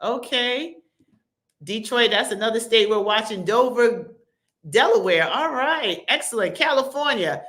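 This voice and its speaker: Upbeat woman host, bright tone, chatty shout-outs from viewer comments. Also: a little high, lively intonation. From American South. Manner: upbeat, chatty, reads viewer comments aloud with quick asides. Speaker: livestream host. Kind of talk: lively livestream shout-outs.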